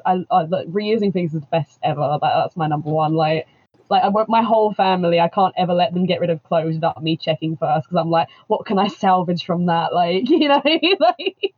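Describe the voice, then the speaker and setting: A bubbly woman chatting on a panel, laughing often and filling her sentences with fillers. Her voice is a little husky, and the audio sounds dull and lo-fi. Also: on the low side. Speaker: cosplayer guest. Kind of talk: casual panel chat.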